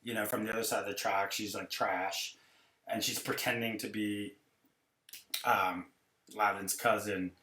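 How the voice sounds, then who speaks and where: A man hosting a podcast, chatting in a rambling, animated, gossipy way. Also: lowish voice, roomy sound. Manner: rambling, animated, full of impressions. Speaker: podcast host. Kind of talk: gossipy casual chat.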